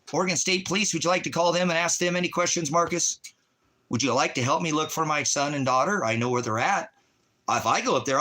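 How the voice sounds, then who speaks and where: A man's voice: medium pitch, sharp tone. Bitter, profane man ranting at someone. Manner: bitter, accusing, profane, repeatedly addressing one person. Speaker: ministry video host. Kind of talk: angry direct-to-camera rant.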